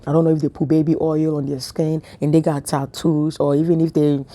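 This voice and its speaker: A woman's voice: low-pitched, little pitch movement, brisk, mellow. A woman giving a casual spiritual talk to camera, telling chatty stories with laughs and whispered asides. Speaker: spiritual vlogger.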